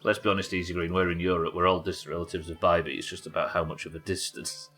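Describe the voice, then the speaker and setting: A man's voice: low-pitched, little pitch movement, fast, fairly bright tone, soft background music. A man from England, streaming a game live and thinking aloud as he chats with viewers. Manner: muttering to himself, thinking aloud. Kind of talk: live gameplay commentary.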